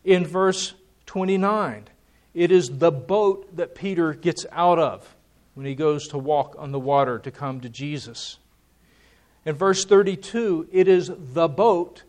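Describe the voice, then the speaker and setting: A man's voice: a little high, darkish tone. Emphatic man preaching a sermon. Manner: emphatic, repeats key words for stress.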